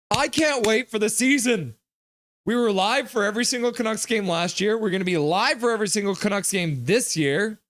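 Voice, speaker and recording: A man hosting a live stream, reading chat aloud and thanking viewers in a loose, jokey way. His voice sits a bit high for a man. The sound is dry and close, with no room around it. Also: animated, normal speed, a bit bright, no room sound. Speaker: host of a live hockey stream.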